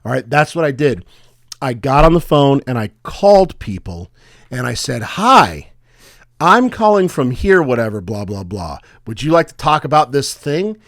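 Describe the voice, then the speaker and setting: A man's voice: medium pitch, very animated, moderate pace, fairly bright tone, no room sound, clean studio sound. A young adult man co-hosting a podcast, telling work stories casually and acting out angry callers in a raised voice. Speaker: podcast co-host. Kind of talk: casual storytelling chat.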